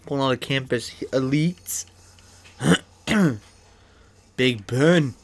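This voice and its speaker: A young man chatting casually while opening card packs in a video game, excitable and swearing freely, with a cough and an irritated throat. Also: mid-range voice, slow pace, long pauses, dry recording. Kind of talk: casual pack-opening commentary. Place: his bedroom.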